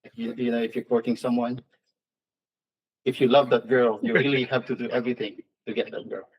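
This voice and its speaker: A man guest on a radio talk show, talking in a hesitant, halting way with many restarts. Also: medium pitch, flat delivery, husky, highs cut off. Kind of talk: radio interview.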